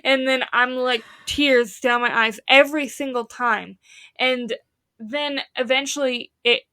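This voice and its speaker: A woman's voice: sits high, fairly even intonation, a little slow, sharp tone, smooth, no room sound, studio quality. A young woman co-hosting a podcast in casual chat, telling stories dramatically, swearing freely and acting out what people said. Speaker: podcast co-host.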